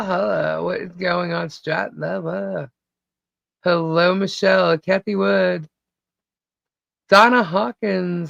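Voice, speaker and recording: A slightly hoarse slow-talking woman. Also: mid-range voice, a bit bright, dry recording. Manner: chatty, laughs often, reads out viewer names. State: voice a little hoarse. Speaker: podcast host greeting live chat. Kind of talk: casual live-stream chat. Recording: dull lo-fi stream audio.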